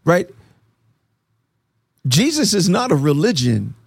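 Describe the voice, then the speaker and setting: Gravelly, earnest man telling his faith story. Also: sits high, slow, dry recording, clean studio sound. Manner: earnest, animated storyteller acting out dialogue. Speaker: interview guest. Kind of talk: personal faith testimony.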